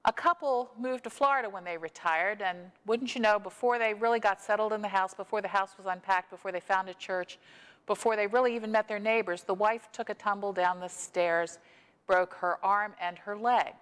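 A woman pastor delivers a sermon, reading scripture and then telling a story in a measured, unhurried way. Her mid-pitched voice carries a long reverb from a church sanctuary. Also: a bit bright, clean tone. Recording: long echo of a church hall.

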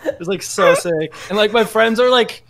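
A young man with a high voice talks over a call mic in loose, rambling podcast chat. He fills every phrase with "like", swears freely and laughs a lot. His pitch sits well above most men's. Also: moderate pace, gravelly, fairly bright tone, slight background noise. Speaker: musician guest.

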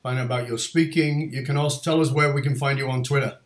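A male podcast host chatting casually in an interview. He talks in a meandering way, with many fillers and restarts. His voice sits at a middling pitch, and the room around him sounds echoey. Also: fairly even intonation, fast talker.

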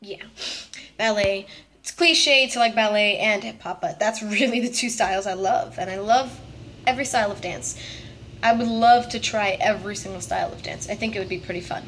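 A woman's voice: medium pitch, normal speed, a bit bright. A nineteen-year-old woman chatting casually in a vlog, bubbly and rambling, often restarting her sentences. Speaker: vlogger.

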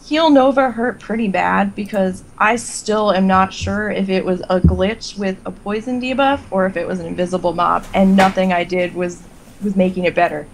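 A woman's voice: mid-range voice, moderate pace, slight background noise. A woman, a guest on a chat podcast, telling stories with laughter and acting out what she thought. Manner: lively, laughing, acts out her own thoughts. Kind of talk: casual storytelling chat.

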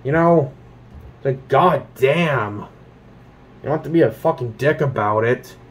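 A man's voice: medium pitch, unhurried. A young man from Canada ranting casually about things he hates, swearing often and filling with "like" and "um". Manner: profane, animated ranting with many fillers. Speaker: vlogger.

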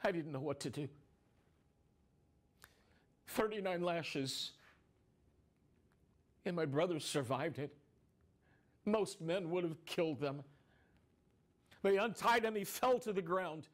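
A man's voice: a little high, takes it slowly, long pauses. A man playing James, an anguished grieving brother. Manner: emotional, rising into anguished cries. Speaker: dramatic storyteller. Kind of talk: first-person dramatic monologue.

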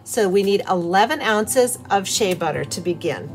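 A woman's voice: medium pitch, animated, moderate pace, loud music behind the voice. A middle-aged woman hosting a home craft tutorial, chatty and cheerful, talking through each step as she works. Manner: cheerful and chatty, with soft laughs. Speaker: host of a soap-making channel.

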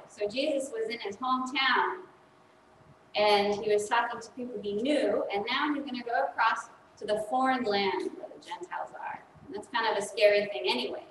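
A woman's voice: mid-range voice, a little hiss or hum. A woman in her thirties, a priest giving a children's sermon in a chatty way, asking the congregation questions. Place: church sanctuary. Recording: echoey church from far off.

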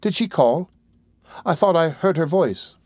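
Brief: a male reader doing an earnest young lady, eager and imploring, pitched up. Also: moderate pace, no room sound, lightly acted.

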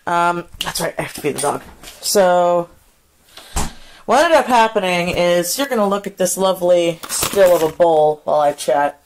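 A woman vlogging in casual chat, rambling and swearing freely, speaking in a soft hushed voice outdoors at night while walking a dog. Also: fairly low pitch, expressive, normal speed, slight background noise.

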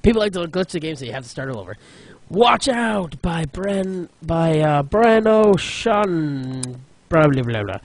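A gaming YouTuber offers let's-play commentary, sounding frustrated and exclamatory as he plays. His voice is on the high side, animated, and a little slow.

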